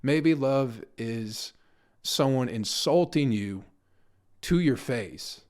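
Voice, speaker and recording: A young man talks in a loose, rambling podcast monologue, cursing often and cracking himself up. His voice sits in a middle pitch, neither high nor low, and his delivery is offhand and conversational, like a comedian riffing on his week. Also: animated, slow, darkish tone. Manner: profane, laughs at his own stories.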